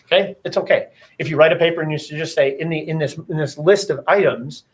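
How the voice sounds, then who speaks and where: Man, teacher, classroom lecture, slightly high pitch, conversational, acts out dialogue. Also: fast talker, low-quality recording. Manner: chatty, acts out student exchanges.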